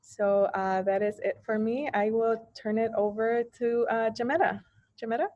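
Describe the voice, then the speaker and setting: A woman's voice: a little high, normal speed. A woman moderator runs through the rules for a virtual town hall in an easy manner, dropping in a few fillers. The sound is dry with no room echo. The video-call audio is muffled and lo-fi. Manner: relaxed, with fillers.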